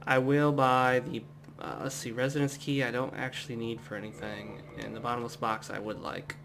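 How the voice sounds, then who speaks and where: Man, casual gameplay commentary, rambling asides, middle pitch, faint background hum. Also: moderate pace, vocal fry. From United States. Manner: relaxed, rambling, chatty asides. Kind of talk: casual let's-play commentary.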